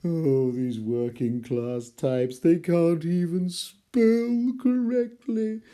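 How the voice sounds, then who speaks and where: A man mocking the tone of a snobbish middle-class Victorian gentleman, sneering and condescending. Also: fairly high pitch, extremely slow, pitched above the performer's own voice. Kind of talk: mocking aside in a lesson.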